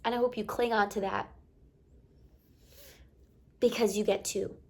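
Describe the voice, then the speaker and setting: A woman's voice: mid-range voice, steady tone, unhurried. A young woman talking earnestly to camera, giving a heartfelt motivational pep talk with repeated encouraging phrases. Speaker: motivational vlogger.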